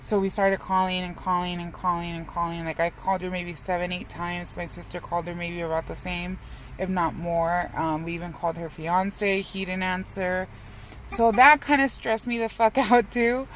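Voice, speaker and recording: A woman's voice: on the low side, fairly even intonation, normal speed, a little hiss or hum, poor audio. A young woman in a casual, rambling vlog who swears freely and pokes fun at herself. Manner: rambling, profane, self-mocking.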